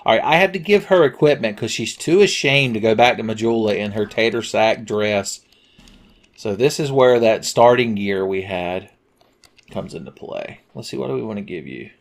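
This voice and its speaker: A man's voice: on the low side, animated, moderate pace. A man giving let's play commentary, sarcastic and profane, rambling from joke to joke. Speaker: game commentator.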